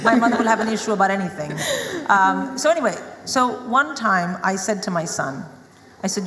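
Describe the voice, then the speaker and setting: A woman's voice: medium pitch, a little fast, hardly any pauses, a crowd in the background. A woman from India, moderating a live panel and telling anecdotes with frequent laughter. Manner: chatty, laughing through anecdotes. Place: stage in a large hall with live audience. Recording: echoey hall, noisy room.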